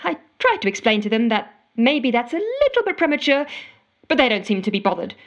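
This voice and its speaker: A frazzled, wry narrator. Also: female voice, fairly high pitch, big pitch swings, brisk, highs cut off. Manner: wry, exasperated storytelling. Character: frazzled, desperate woman with wry humor. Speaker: narrating character. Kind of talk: comedic audio drama monologue.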